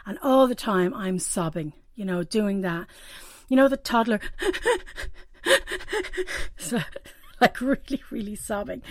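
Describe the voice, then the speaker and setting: A woman's voice: medium pitch, no room sound. A middle-aged woman shares a personal reflection in a candid, self-deprecating way, often laughing at herself. Her voice sits close and dry on the mic, with no room sound around it. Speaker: weekly reflection presenter.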